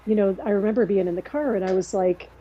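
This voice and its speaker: A middle-aged woman telling a family story in casual conversation, rambling and halting, acting out quoted dialogue. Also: medium pitch, dark tone, dull audio, a little hiss or hum. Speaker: podcast guest, sister.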